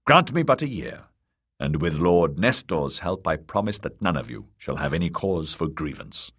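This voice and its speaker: A man voicing a smooth, scheming male lord protector who speaks in a cold, measured, commanding way. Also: low voice, very animated, a bit bright, exaggerated voice. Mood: cold, angry. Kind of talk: audiobook character voice.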